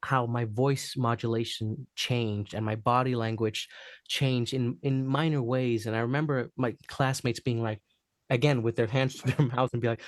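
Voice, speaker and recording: A man's voice: medium pitch, moderate pace, no echo, studio quality. A man guest on a podcast, telling a personal story in a casual interview and acting out the quotes. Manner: animated storyteller, acts out quotes, laughs often. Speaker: podcast guest, actor and singer.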